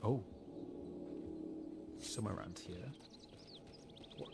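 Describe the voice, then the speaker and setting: A man's voice: medium pitch, lively intonation, heavy background noise. Playful man musing over a game. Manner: playful, musing aloud, quick asides. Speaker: streamer playing a game. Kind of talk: casual gameplay commentary.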